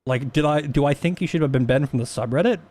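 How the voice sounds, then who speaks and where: A man's voice: fairly high pitch, fast, a little mellow. A man talking casually on a stream, rambling with many restarts and plenty of swearing.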